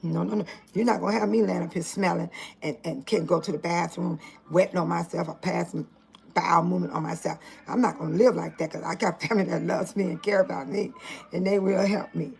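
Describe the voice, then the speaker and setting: A woman's voice: lowish voice, steady tone, a little fast, gravelly, darkish tone, low-quality recording. An older woman from Illinois talking earnestly at home in a casual vlog, preaching with emphatic repetition. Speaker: vlogger.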